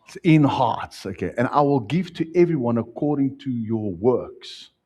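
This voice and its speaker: South african pastor guy mid sermon, husky and kinda dark sounding, goes loud then drops soft. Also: medium pitch, animated, unhurried. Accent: South African English. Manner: preaching with wide swings, rising loud then dropping soft.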